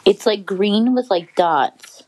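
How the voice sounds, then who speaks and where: A woman's voice: medium pitch, slow, noisy background. A woman hosting her own podcast, chatting casually with a friend at home as they play a gross-flavour taste challenge, groaning, swearing and laughing. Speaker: podcast host. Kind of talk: casual chat while doing a taste challenge.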